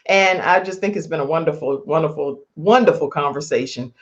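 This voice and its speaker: A woman's voice: low-pitched, a little fast, dull audio. A woman hosting an online talk show, chatty and playful, laughing between asides to her viewers. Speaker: host.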